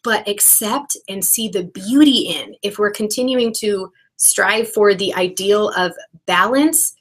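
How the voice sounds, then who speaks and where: A woman's voice: mid-range voice, unhurried. Emphatic woman educator co-hosting. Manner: emphatic, laughs often. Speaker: co-host, educator. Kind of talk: conversational educational podcast.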